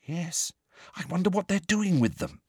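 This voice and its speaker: Man doing a clever teen girl, sharp, urgent, pitched well up, audiobook voice, dry close sound. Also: sing-song, a little slow, slightly rough, no room sound, exaggerated voice.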